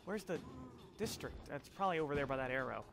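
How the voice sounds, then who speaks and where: A young man giving casual, sweary commentary on a video game he is playing, turning excitable and yelling whenever things go wrong. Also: a little high, fast, vocal fry, over music. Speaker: let's play commentator.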